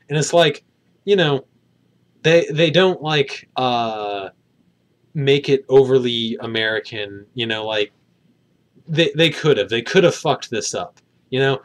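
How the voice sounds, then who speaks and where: Rambling, hedging male film reviewer. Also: mid-range voice. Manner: rambling, hedging, many fillers. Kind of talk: casual spoken review.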